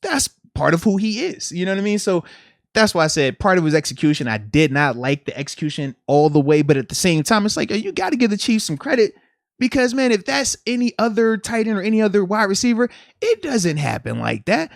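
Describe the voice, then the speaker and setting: Animated high-voiced man talking football. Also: brisk, gravelly, dry recording, clean studio sound. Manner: animated, swings into loud imitations and laughter. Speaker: podcast host. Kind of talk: casual sports chat.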